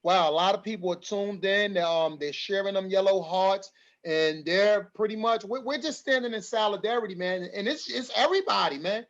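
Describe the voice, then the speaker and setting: A man's voice: sits high, normal speed, a bit bright, highs cut off. A man hosting an online community forum, talking emphatically and repeating his lines for stress. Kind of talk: livestream community address.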